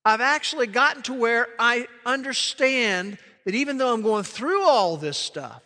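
A man preaching a sermon in an earnest way, sinking to a soft hush on key phrases. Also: extremely high pitch, animated, moderate pace, hardly any pauses. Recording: long hall reverb.

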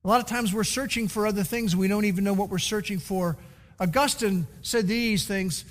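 A man's voice: high voice, fairly quick, long reverb tail. A man preaching a sermon as pastor, teaching and repeating key words for emphasis.

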